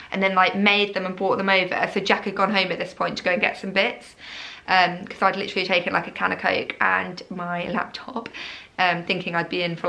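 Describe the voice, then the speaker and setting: A young woman chatting to camera about her birth story, her bright voice running on in a loose, rambling way. She fills her talk with "like" and "um" as she goes. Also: mid-range voice, creaky. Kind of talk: casual chat to camera.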